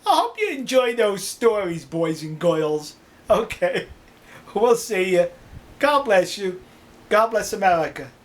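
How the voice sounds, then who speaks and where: An older man telling stories in a casual, animated way, laughing often and acting out dialogue. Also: high-pitched, a little slow. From New York City. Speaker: storyteller. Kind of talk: casual storytelling.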